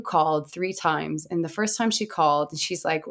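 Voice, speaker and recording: A woman's voice: low-pitched, normal speed, a bit bright. A woman guest in a casual interview, talking earnestly and rambling with lots of restarts and fillers. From USA. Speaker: guest, founder of a satirical website.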